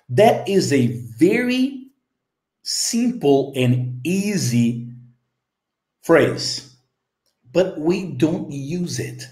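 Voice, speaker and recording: Brazilian-accented male English teacher, slow and repetitive, checks in often; roomy echo. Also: on the high side, big pitch swings, darkish tone. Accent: Brazilian Portuguese. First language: Portuguese. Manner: slow, repeats phrases, checks in with "okay?" and "right?". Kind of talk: explaining a story lesson.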